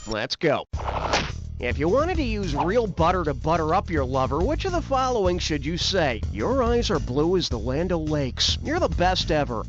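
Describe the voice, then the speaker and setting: Wisecracking male quiz host, lively delivery, lo-fi game audio over loud music. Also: high voice. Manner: snarky, rapid-fire jokes, taunting players. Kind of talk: video game voice acting.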